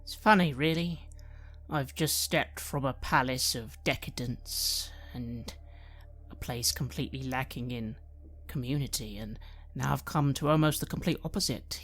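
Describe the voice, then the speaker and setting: A player speaking in character, slow and earnest, sometimes dropping into soft, near-whispered lines. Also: mid-range voice, slight background noise. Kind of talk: in-character roleplay speech.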